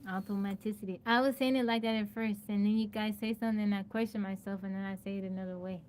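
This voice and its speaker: A woman with a twang and a middle-pitched, darkish, steady voice chats casually on her live stream, playful and laughing often as she thanks viewers by name. She repeatedly sounds out one tricky word syllable by syllable, with a faint hum in the background.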